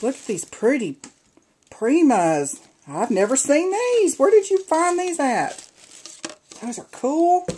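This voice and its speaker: A woman's voice: high voice, very animated, slow pace, mellow, a little hiss or hum, low-quality recording. Lady gushing over craft stuff in a home unboxing vlog, chatty, talks right to the viewers. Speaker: crafter opening a swap box.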